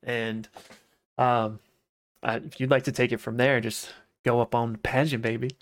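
A man in a casual chat, talking in quick, soft, laid-back asides. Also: medium pitch, level tone, dry recording, clean studio sound. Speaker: podcast co-host.

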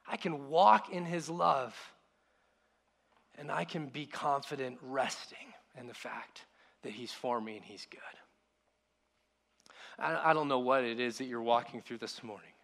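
A man, a pastor, preaching a sermon in an earnest way, repeating his words and dropping to a hushed voice on key lines. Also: medium pitch, unhurried, vocal fry, long pauses.

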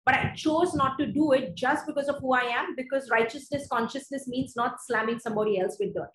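A woman preaching a sermon, earnest and conversational, reading scripture slowly and deliberately. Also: high-pitched, fairly bright tone, roomy sound, rough recording.

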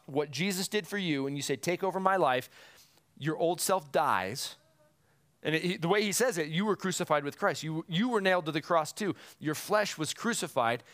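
A man's voice: on the high side, fairly bright tone. A male pastor preaching a sermon in an earnest, emphatic and self-deprecating way.

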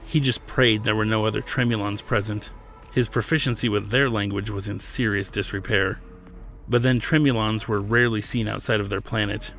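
A man, the author, narrating his science fiction novel as a scripted reading in a steady storytelling manner. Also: on the low side, normal speed, gravelly, faint music behind. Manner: steady storytelling, plays character lines lightly.

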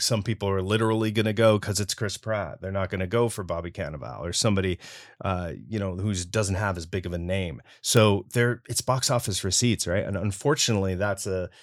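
Low-voiced chatty man. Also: brisk. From Canada. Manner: chatty, frequent fillers and laughs. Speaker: voice actor guest. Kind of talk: casual interview conversation.

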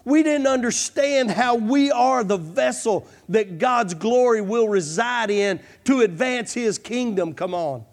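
Fervent pastor, high voice. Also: male voice, unhurried, few pauses. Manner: fervent, repeats "come on" and "I'm telling you". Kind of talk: sermon.

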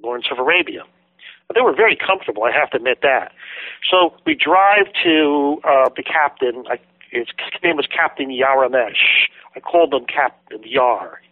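This guest author, being interviewed, is a lively storyteller who performs the lines of the people in his long story. He has a mid-range voice at a moderate pace, with no echo, on a tinny, dry phone line.

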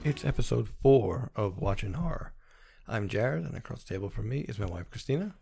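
A man's voice: fairly low pitch, animated, fairly quick, vocal fry, mellow, breathy edge. A man co-hosting a podcast in casual chat, blunt and opinionated, swearing freely and sounding tired from a late-night session. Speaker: podcast co-host.

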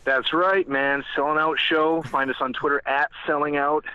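A man's voice: fairly high pitch, flat delivery, moderate pace, clean tone, lo-fi sound. A man with a New England accent, a guest podcaster chatting casually, joking and rambling. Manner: joking, rambling, swears freely. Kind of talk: casual chat. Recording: remote call line.

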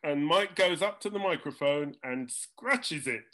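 An older man recounts a recording-studio mishap with dry comic timing. His voice sits high and swings widely as he mimics the people in the story. He takes his time over every beat. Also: lively intonation, measured pace, sharp tone. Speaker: jingle composer telling studio stories. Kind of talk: anecdotal storytelling chat.

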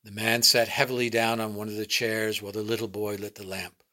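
Guy reading a short story out loud, bright voice, low even narration. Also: a little fast. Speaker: reader.

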